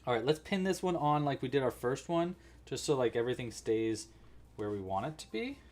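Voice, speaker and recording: A man's voice: medium pitch, sing-song, a little fast, darkish tone. A man hosting a casual live crochet tutorial, chatting with viewers and counting stitches aloud as he works. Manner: chatty, reacts to live chat while crocheting; counts stitches aloud under his breath. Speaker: crochet livestream host.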